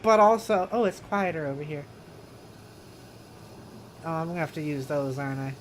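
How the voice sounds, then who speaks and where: A woman's voice: deep voice, lively intonation, moderate pace, slight background noise. A young woman streamer giving casual, jumpy commentary on a horror game and talking to her chat. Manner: chatty and jumpy, talks to chat.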